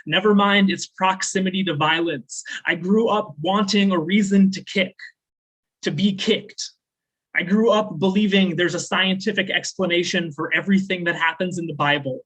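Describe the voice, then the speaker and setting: A man raised in the American South, performing spoken word poetry at a slam with measured, deliberate delivery and casual, rambling asides between poems. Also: high voice, fairly bright tone, rough recording. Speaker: slam poet.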